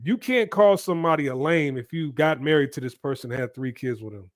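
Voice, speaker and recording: A man holds forth on his commentary channel in an emphatic, lecturing way, pausing to ask his listeners "right?". His voice sits a little high for a man. The sound is dry and close. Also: no echo. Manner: emphatic and preachy, keeps asking "right?". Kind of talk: opinion commentary monologue.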